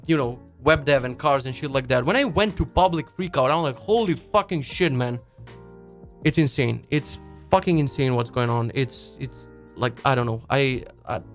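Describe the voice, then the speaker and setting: A man hosting a web development podcast, ranting casually and swearing a lot, often restarting his sentences. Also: mid-range voice. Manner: swears a lot, restarts sentences, mocks people in quick put-on asides. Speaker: podcast host. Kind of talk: casual profane rant.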